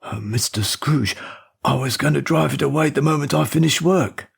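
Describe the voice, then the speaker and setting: A man's voice: a little high, normal speed, gravelly, slightly rough, voice pushed up, heavily acted. A man voicing a nervous, timid old male chauffeur who stammers and hesitates.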